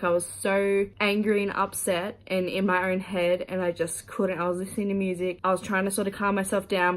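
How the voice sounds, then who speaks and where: A woman's voice: mid-range voice, poor audio. A young woman talking candidly and emotionally in a casual vlog, swearing freely. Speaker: vlogger.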